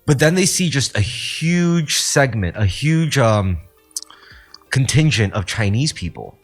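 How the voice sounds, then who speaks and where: A man's voice: medium pitch, animated, slow, soft background music. A man co-hosting a podcast, talking in a rambling, profane way full of fillers. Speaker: podcast co-host. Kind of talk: casual chat.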